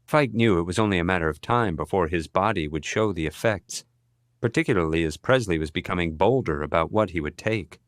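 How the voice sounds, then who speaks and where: Low-voiced guy reading an audiobook, steady and measured, dry close mic. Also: dry recording. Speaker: audiobook narrator. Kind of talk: scripted narration.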